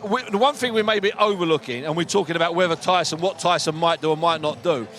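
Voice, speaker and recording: A fast-talking radio presenter with a slightly high, somewhat bright voice chats casually about boxing. He tells anecdotes and quotes people, putting on voices to do so.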